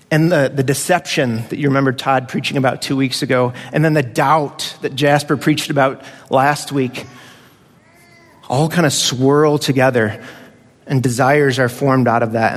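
A man's voice: mid-range voice, big-room sound. A man preaching a conversational sermon as pastor, now and then acting out voices of children.

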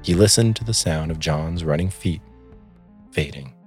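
A man's voice: rumbling low, normal speed, a little mellow, faint music behind. A man narrating a spooky story aloud, lending different voices to the characters in the dialogue.

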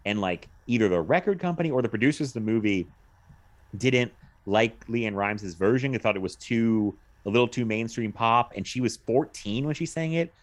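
A man's voice: mid-range voice, animated, moderate pace. A man co-hosting a podcast, talking about films in a rambling, chatty way and laughing often. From United States. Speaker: podcast co-host. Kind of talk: casual chat about movies.

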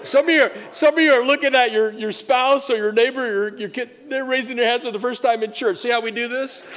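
A man preaching a sermon in a church, animated and exuberant, often repeating words in quick bursts. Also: very high-pitched. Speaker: pastor. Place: church sanctuary. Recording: long reverb of a large room.

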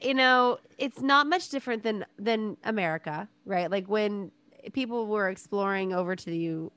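A woman's voice: mid-range voice, moderate pace, a bit bright, smooth, no echo. A woman co-hosting a podcast, talking casually and rambling a bit, laughing at her own slips. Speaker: podcast co-host. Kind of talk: casual chat.

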